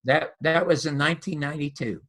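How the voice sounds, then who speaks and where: A man's voice: a little high, fairly quick. An older man, a former comedian and TV host, telling stories in an interview and acting out the dialogue. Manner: lively anecdotal storyteller, acts out dialogue. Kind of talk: animated storytelling interview.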